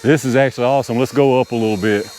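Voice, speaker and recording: A man's voice: medium pitch, steady tone, very fast, a little mellow, a little hiss or hum. A man gives casual running commentary outdoors while flying a model helicopter, talking to viewers and laughing at his own panicky moments. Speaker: RC hobby video host. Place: outdoors, small open area.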